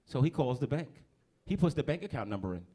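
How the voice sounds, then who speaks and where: A man's voice: medium pitch, very animated, fast talker, mellow. A man in his thirties from New Jersey doing a stand-up set in a comedy club, brash and profane, working the crowd.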